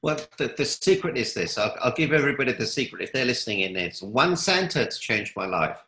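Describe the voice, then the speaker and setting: A man's voice: mid-range voice, animated, a little fast, bright, forceful tone, roomy sound, poor audio. A man giving upbeat motivational answers in an interview, telling stories. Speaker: guest, coach.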